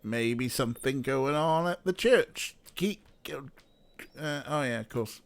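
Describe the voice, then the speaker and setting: A man's voice: medium pitch, slow pace. A man hosting a let's play, joking and thinking aloud as he plays an adventure game. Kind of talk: casual gaming commentary.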